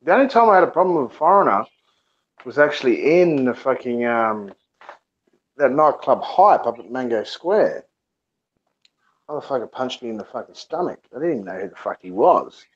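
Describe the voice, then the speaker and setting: A man's voice: mid-range voice, normal speed, muffled recording. A man hosting a live show, telling stories in loose, profane casual chat. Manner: profane storytelling, animated.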